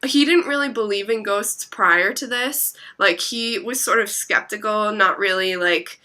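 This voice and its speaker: Young adult woman, vlog storyteller; piercing bright tone, rambling filler-heavy chatter, casual swearing. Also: medium pitch, unhurried. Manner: chatty, constant filler words, swears freely. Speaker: vlogger.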